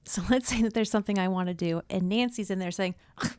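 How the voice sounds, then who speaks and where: A woman's voice: mid-range voice, quick pace, a little mellow, smooth, no room sound. Candid woman podcast co-host, dry sound. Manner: candid, swears casually, acts out inner voices. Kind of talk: casual chat.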